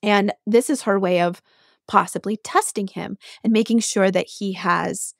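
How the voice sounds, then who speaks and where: A woman podcast host retelling a myth in an animated, chatty way, with asides to the listener. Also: mid-range voice, measured pace, gravelly, no room sound, clean studio sound.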